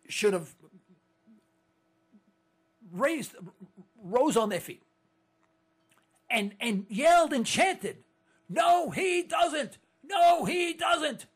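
In a medium-pitched, slightly rough voice, a political commentator delivers an indignant monologue to listeners. It's packed with rhetorical questions and stammered restarts.

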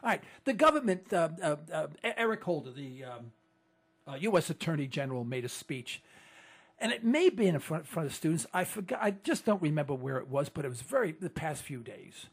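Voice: medium pitch, very animated, brisk, slightly rough. A political commentator delivering an indignant monologue to listeners, full of rhetorical questions and stammered restarts.

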